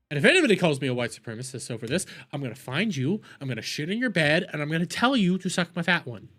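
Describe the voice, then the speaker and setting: A man's voice: fairly high pitch, big pitch swings, quick pace, fairly bright tone. A man ranting profanely in a heated, mocking commentary as a streamer reacting to videos.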